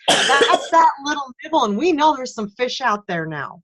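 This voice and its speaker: A woman's voice: sits high, animated, normal speed, hardly any pauses. A woman in casual chat, earnestly working through an analogy and finishing her co-host's thoughts.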